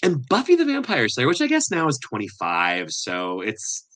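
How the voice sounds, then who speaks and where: A man from Montana, a theatre teacher, chatting as a guest in an animated way and laughing easily. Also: medium pitch, normal speed. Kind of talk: casual video chat.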